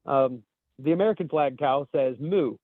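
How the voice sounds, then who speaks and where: A man's voice: medium pitch, moderate pace, no room sound. Swearing man reading memes over a tinny call. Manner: loose, swears often, laughs at own jokes. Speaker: podcast co-host. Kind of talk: casual chat reading memes aloud. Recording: dry, tinny phone-like audio over a call.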